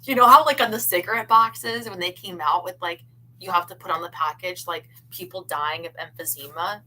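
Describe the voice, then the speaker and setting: A woman's voice: lowish voice, fairly quick, bright, forceful tone, low-quality recording. A woman co-hosting a casual chat, talking with lots of fillers and breaking into frequent laughter. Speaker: podcast co-host.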